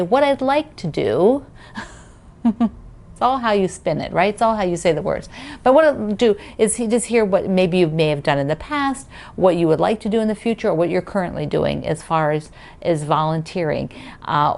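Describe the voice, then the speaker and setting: A woman's voice: lowish voice, brisk, creaky, a little mellow. Chatty woman quilting host. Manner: chatty, enthusiastic, rambling with fillers. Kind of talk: casual chat.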